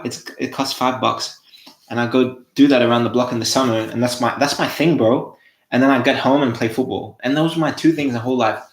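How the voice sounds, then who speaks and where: A man's voice: mid-range voice, reverberant. A young Australian man hosting a casual motivational monologue, swearing freely and restarting his phrases. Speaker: host.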